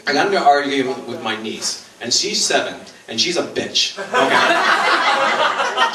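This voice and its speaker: A man doing a stand-up routine with a deadpan delivery and sudden pitch jumps on punchlines. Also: a little slow, very noisy. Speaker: stand-up comedian. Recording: echoey club room, mic heard from a distance. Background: audience laughing.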